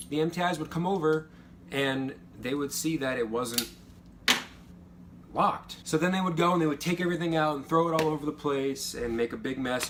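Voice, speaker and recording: A young man telling stories and giving casual advice about basic training, acting out the instructors' yelling. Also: a little high, slight background noise. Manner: animated, acts out drill instructors' yells. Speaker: vlogger, former Air Force trainee.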